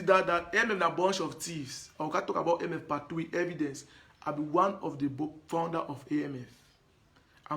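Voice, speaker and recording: A man's voice: a little high, fairly bright tone. A man speaking in a Cameroonian Pidgin accent, his voice sitting a little above the usual male range. He addresses his audience directly in a live stream monologue, hammering his points home through repetition and earnest appeals. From Anglophone Cameroon. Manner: emphatic and repetitive, pleading. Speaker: live broadcaster.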